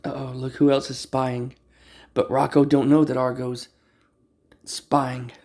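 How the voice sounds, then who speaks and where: A man's voice: medium pitch, level tone, normal speed, warm tone. A man casually filming his cats at home on a camera on a tripod. He talks playfully, swears freely and coos at them in baby talk. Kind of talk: casual livestream chat. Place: indoors at home. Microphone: phone or camera on a tripod.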